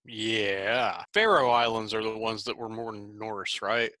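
A man's voice: fairly low pitch, slow pace, bright, forceful tone, no room sound. A man co-hosting a podcast in casual chat, mostly giving short, agreeable replies. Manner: brief, agreeable back-channel replies. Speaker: podcast co-host.

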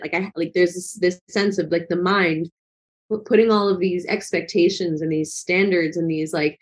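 A woman's voice: lowish voice, expressive, normal speed, darkish tone. A woman talking as a guest in a casual conversation, earnest and reflective, with lots of fillers. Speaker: guest, travel vlogger.

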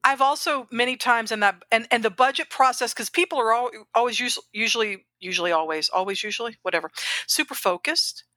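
A woman co-hosting a podcast in an animated, rambling way, often stopping to correct herself. Her voice sits fairly high and sounds bright and sharp. The recording is dry and close. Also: fairly quick, no echo. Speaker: podcast co-host, grant professional. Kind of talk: casual podcast chat.

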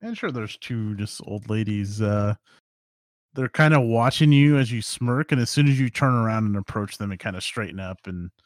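A man narrating as game master of a tabletop game, describing scenes in a relaxed way. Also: lowish voice, moderate pace, no echo, clean studio sound.

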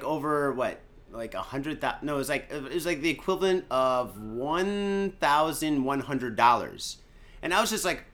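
Day drinking on his podcast, a man from Michigan chats in a loose, jokey, heavily profane way full of fillers. His medium-pitched voice is bright and forceful.

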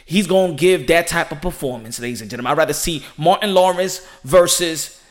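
A man hosting a boxing podcast from home, talking in an excitable, slangy monologue and often saying "ladies and gentlemen". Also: fairly high pitch, brisk. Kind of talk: animated boxing commentary monologue. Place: home room with children nearby. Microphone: home setup.

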